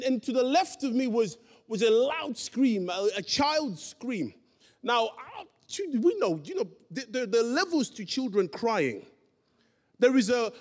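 A preacher with a high voice for a man delivers a sermon in a church hall. He tells his story with emphasis, acting out each voice in the dialogue. A long reverb trails every phrase.

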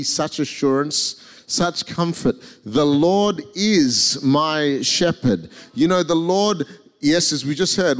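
Male preacher, fairly high voice, emphatic sermon, call and response, long church-hall reverb. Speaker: guest preacher. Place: large church hall with balcony.

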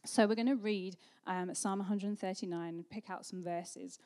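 A woman's voice: mid-range voice, fairly even intonation, moderate pace, mellow. A woman, a pastor telling a family story in a chatty sermon with frequent ums.

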